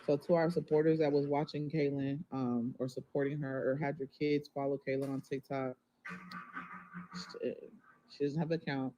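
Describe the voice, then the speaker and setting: A woman's voice: rumbling low, level tone, normal speed, mellow, lo-fi sound, slight background noise. A mother talking to viewers on a livestream, rambling and emotional, often turning to the audience with y'all. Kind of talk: casual livestream talk to viewers.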